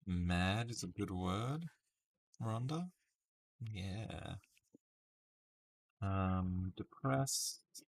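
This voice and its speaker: A man with a low-pitched voice casually live-streams a word puzzle, speaking very slowly and pausing often as he thinks aloud over his guesses. He chats with viewers by name, recorded through a webcam stream setup.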